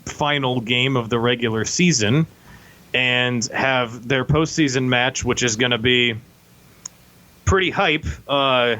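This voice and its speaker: A man's voice: medium pitch, slow pace, sharp tone, dull audio. Man hosting a sports podcast, wry. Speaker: podcast host. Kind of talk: casual sports podcast chat.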